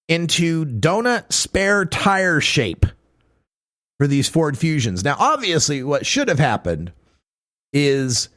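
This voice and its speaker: A man's voice: medium pitch, a bit bright. A man hosting a talk radio show, chatting casually and joking, slipping into impressions. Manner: joking, slips into put-on impressions.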